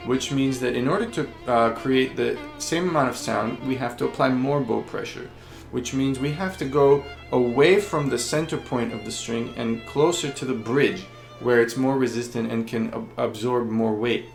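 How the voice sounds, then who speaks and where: A man's voice: mid-range voice, moderate pace, vocal fry, faint music behind. A man teaching violin technique, explaining patiently with frequent fillers. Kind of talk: instructional explanation. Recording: roomy echo.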